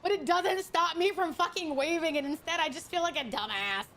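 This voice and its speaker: A woman's voice: very high voice, brisk, fairly bright tone, a little hiss or hum. A woman VTuber chatting casually while gaming, swearing freely and greeting viewers with affection. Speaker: VTuber streamer. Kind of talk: casual gaming stream chat.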